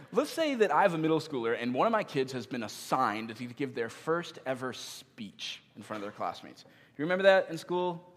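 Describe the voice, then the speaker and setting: A pastor in his thirties preaches in an easy, conversational style and pokes fun at himself. His voice rises and falls a lot as he talks. A long reverb trails behind him, as in a large church auditorium. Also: fairly high pitch. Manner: conversational, animated, self-deprecating humor. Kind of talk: sermon.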